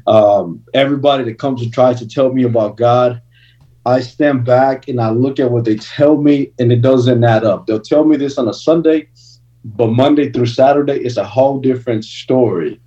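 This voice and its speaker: A man's voice: mid-range voice, normal speed, mellow. A man giving a personal testimony as a guest minister, speaking in an earnest, conversational way with casual slang. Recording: distant, dull lo-fi recording.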